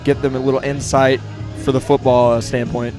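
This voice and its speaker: A teenage man talks football commentary in an even, earnest way, his pitch held very flat and mid-range. Music plays clearly behind him. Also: brisk. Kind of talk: casual commentary chat.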